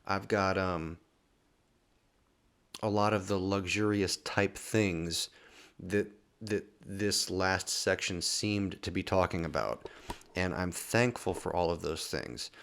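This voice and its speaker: A man's voice: low-pitched, creaky, fairly bright tone. A man giving a casual daily Bible reading talk, reading verses aloud and explaining them plainly, often checking in with "right?" and restarting his sentences. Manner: conversational, frequent "right?" tags and restarts; reads scripture aloud, then explains in plain terms. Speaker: Bible teacher. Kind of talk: informal Bible study talk.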